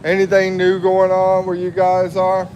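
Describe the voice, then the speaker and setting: A man's voice: sits high, monotone, a little slow, a little mellow, highs cut off, slight background noise. A man in his fifties from the USA, hosting a casual livestream, reading viewer comments aloud and laughing often. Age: 50s. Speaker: livestream host.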